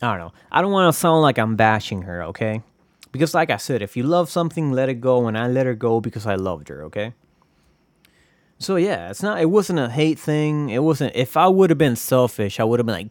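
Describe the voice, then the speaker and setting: A man's voice: mid-range voice, very animated, fairly quick, dry recording. A man hosting a casual solo podcast, rambling and profane, joking at his own expense. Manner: rambling, profane, self-deprecating. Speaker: podcast host.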